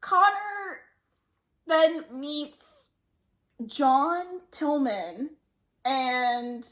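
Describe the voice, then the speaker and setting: High, lively, slow-talking woman. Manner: giggly, recounts the plot with lots of fillers. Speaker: host. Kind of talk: casual movie review chat.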